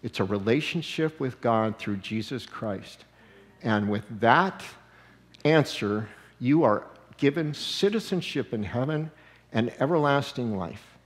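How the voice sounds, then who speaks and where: A man preaching a sermon as pastor, animated and conversational, often slipping into quoted voices and chuckling. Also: mid-range voice, measured pace, big-room sound. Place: church sanctuary.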